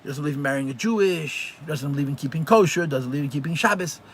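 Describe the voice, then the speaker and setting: A man, a rabbi, teaching a live religious class and telling stories in an animated way, often repeating phrases for emphasis. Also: on the high side, quick pace, a little hiss or hum.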